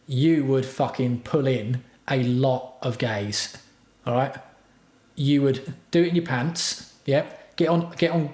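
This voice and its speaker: Male streamer, mid-pitched, sarcastic sweary rant, echoey room. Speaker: livestream host. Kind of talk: casual livestream rant.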